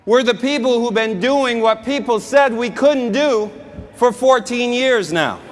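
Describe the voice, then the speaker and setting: Fired-up high-voiced man rallying a hall. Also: measured pace. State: out of breath. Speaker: sales executive addressing a company event. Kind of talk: motivational conference speech. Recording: echoey large hall with music.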